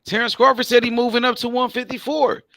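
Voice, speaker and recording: A man's voice: extremely high pitch, little pitch movement, fast, gravelly, bright, forceful tone, no room sound. A man hosting a boxing talk show, arguing in heated casual debate and repeating his points insistently.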